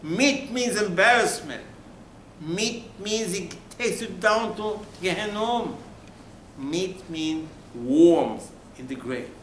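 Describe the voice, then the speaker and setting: Emphatic rabbi preaching, roomy echo. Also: male voice, sits high, slow. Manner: emphatic, with rhetorical questions and sudden drops to near-whisper. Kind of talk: Torah sermon. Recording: roomy room with faint ambient noise.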